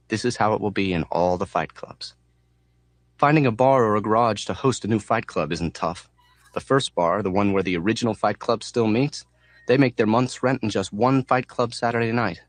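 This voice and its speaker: A man reading an audiobook in a measured, deadpan way. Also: lowish voice, no room sound. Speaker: audiobook narrator. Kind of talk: audiobook narration.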